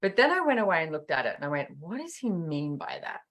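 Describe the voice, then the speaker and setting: In a fast, low voice, a middle-aged woman chats as a podcast host. Telling stories with plenty of animation, she acts out what people said.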